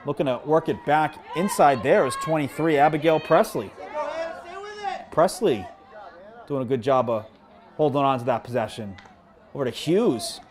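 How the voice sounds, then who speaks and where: A man of middle pitch doing play-by-play outdoors at a high school game, with spectators clearly heard behind him. He chats easily with the folks at home, jokes about his own mistakes and explains the plays as they go. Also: animated, normal speed, long pauses. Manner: chatty, self-deprecating, jumps to yelling on big plays. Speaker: play-by-play commentator. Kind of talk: live local sports commentary. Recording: crowd noise behind.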